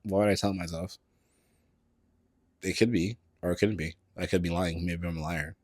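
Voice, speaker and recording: A man hosting a casual solo podcast from the Bay Area, talking in a sassy, animated way with plenty of slang and swearing. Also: deep voice, moderate pace, no room sound, clean studio sound. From San Francisco Bay Area. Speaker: podcast host. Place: indoors at a table, on camera.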